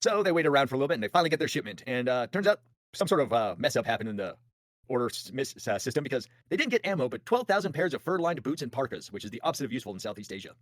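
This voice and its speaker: Fast-talking animated male podcast host. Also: mid-range voice, dry recording. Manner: fast, animated, jokey retelling with voiced asides. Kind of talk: casual history storytelling.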